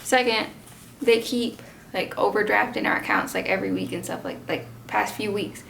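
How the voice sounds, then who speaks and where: Chatty young woman, gravelly, noisy recording. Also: mid-range voice, moderate pace. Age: 20s. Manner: chatty, animated retelling with many "like" fillers. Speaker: vlogger and mother. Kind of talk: casual storytime vlog.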